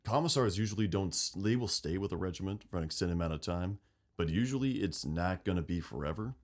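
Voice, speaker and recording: Deep-voiced man in casual lore chat. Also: fast talker. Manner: animated, swearing, acts out quotes. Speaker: podcast co-host.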